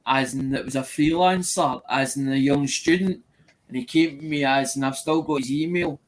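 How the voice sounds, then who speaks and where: A man's voice: medium pitch, normal speed. A man chatting casually in a group, rambling and repeating himself, peppering his talk with "as in".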